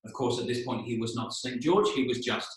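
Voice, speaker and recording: Echoey, slightly distant male English teacher. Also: medium pitch. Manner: explains slowly, checks in with "okay?", spells out words. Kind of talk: storytelling lesson for learners. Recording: echoey room, voice a bit distant.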